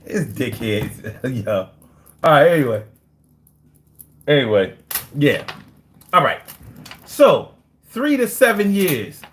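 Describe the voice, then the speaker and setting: A man's voice: medium pitch, very animated, slow pace, long pauses, a little hiss or hum. A man hosting a casual live stream, reading chat and joking in a loose, slangy way with frequent laughs.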